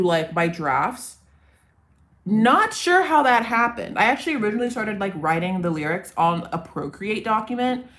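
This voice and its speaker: A woman's voice: mid-range voice, a bit bright. A woman chats on a livestream in a loose, rambling way, poking fun at herself as she goes. Her tone is casual and easily amused, and she wanders between thoughts. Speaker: parody songwriter and streamer.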